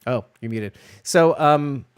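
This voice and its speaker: A man chatting casually on a live show, with a middling pitch. He rambles, restarts his sentences and drops into lively quoted voices now and then. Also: slow, clean tone. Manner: rambling, self-interrupting, lively put-on quotes. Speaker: co-host.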